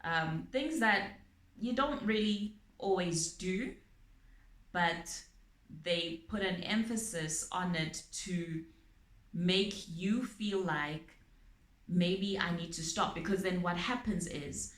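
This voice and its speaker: A woman calmly explaining her topic to viewers, using everyday examples and frequent pauses and ums. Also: fairly low pitch. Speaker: channel host on abuse awareness. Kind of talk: explanatory talk to camera. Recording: echoey room.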